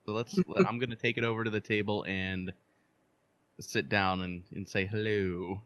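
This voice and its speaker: Man, low voice, tabletop player, relaxed, playful, drawling. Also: moderate pace, dry recording. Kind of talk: casual tabletop play.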